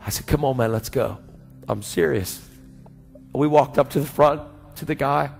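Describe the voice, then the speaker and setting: A man's voice: medium pitch, moderate pace, vocal fry. Slangy preacher man in an echoey church. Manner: animated storytelling, slangy, acting out dialogue. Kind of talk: storytelling sermon. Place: church sanctuary. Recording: church hall reverb with faint music.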